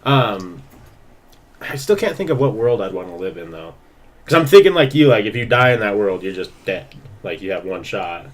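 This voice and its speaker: A man's voice: lowish voice, very animated, normal speed. Laid-back laughing male podcast co-host. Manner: laid-back, laughs often, swears casually. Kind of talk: casual chat. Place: home streaming setup.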